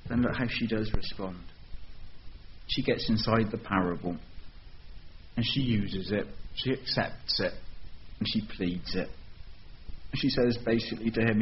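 Low-voiced preacher, dramatic sermon. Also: male voice, unhurried, pauses often, muffled recording, slight background noise. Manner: expressive, dramatic storytelling with rhetorical questions.

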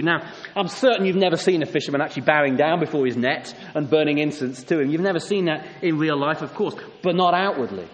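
A man's voice: on the high side, lively intonation, fairly quick, fairly bright tone. A man preaching a sermon, emphatic, often rising to a raised voice on key points. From England. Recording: long hall reverb, faint ambience.

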